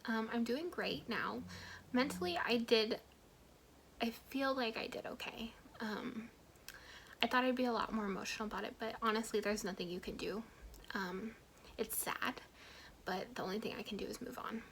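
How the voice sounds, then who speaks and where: A young woman, a mom vlogger, telling her own story to camera in a soft, half-whispered, candid way, with many ums and likes. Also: on the high side, moderate pace, a little hiss or hum, rough recording.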